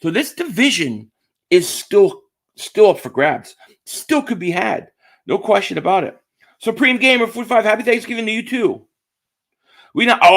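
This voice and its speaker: Chatty high-voiced man streaming sports talk. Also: fairly bright tone. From Philadelphia area. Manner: chatty, repeats himself, reads chat names aloud. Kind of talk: casual live-stream chat.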